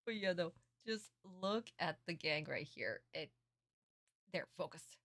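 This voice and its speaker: A young woman streamer in a casual reaction stream, excitable and gushing, swearing often. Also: on the low side, slow pace, slight background noise.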